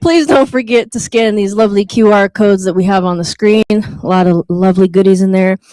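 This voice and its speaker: A woman's voice: medium pitch, a little fast, dark tone, no echo. Playful woman hosting an open mic. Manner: playful, teasing crowd work. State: out of breath. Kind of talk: live event hosting and poetry reading. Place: live venue with an audience.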